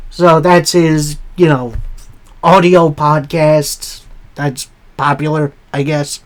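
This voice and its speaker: Male podcast host, slow and easygoing pace, casual recap voice with chatty asides. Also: fairly high pitch, level tone. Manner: plain storytelling with asides.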